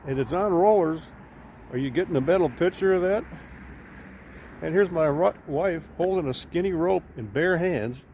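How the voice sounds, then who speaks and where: A man's voice: fairly high pitch, dark tone. A man telling a long story to his own camera at a boat launch, folksy and rambling with plenty of fillers. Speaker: widower vlogger. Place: outdoors at a boat launch by a creek. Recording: outdoor noise with traffic behind.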